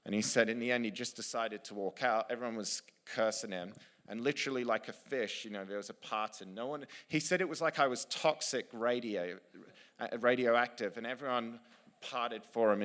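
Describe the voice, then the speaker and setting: A man, an author and speaker, telling a story to a live audience, lively and with frequent restarts. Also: mid-range voice, normal speed, long reverb tail. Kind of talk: storytelling talk on stage.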